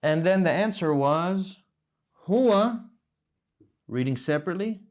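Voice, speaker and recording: A man teaching an Arabic lesson, explaining patiently, slowing down and repeating words as he goes. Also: sits high, animated. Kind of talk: classroom lesson at a whiteboard.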